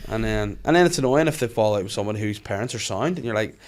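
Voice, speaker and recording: A man in his thirties, chatting fast and loose on a podcast. His voice sits low, and he swears his way through lively stories. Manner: swears freely, animated storytelling. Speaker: podcast host. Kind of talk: casual chat.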